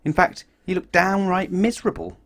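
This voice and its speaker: A man reading a picture book aloud to children in an expressive, animated way. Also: high-pitched, moderate pace. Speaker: children's story reader.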